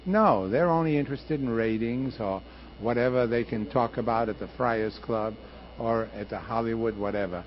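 In a muffled archival radio interview with faint hiss, an older radio producer and director speaks as a guest at a moderate pace. His voice is medium-pitched, and he tells stories emphatically, as a passionate storyteller.

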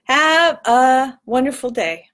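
A woman hosting her own video, talking earnestly and emotionally to camera, close to tears and rising into a tearful high voice. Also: animated, takes it slowly, a bit bright. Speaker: vlog host giving a weekly tip. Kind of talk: heartfelt casual talk to camera.

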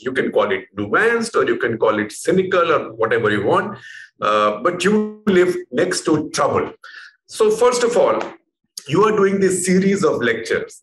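Male interview host, slightly high voice, rambling questions; roomy echo, faint background hiss. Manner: chatty, winding questions with fillers. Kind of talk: interview hosting. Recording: echoey room with faint noise.

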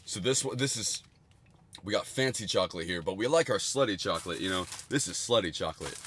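A young man in his twenties casually reviewing candy on a livestream, rambling and crude with jokey bursts of excitement. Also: low-pitched, brisk, slight background noise.

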